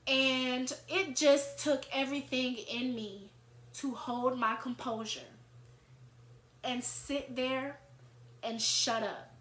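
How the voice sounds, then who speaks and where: A young woman vlogger telling a storytime tale in an animated, chatty way. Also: high voice, takes it slowly. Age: young adult. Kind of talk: storytime vlog. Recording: echoey room.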